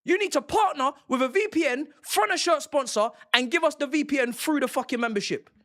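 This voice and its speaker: A man's voice: very high voice, fairly quick, bright, forceful tone. A young man, a football streamer ranting angrily and with lots of swearing on a live stream. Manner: angry, profane, repetitive ranting.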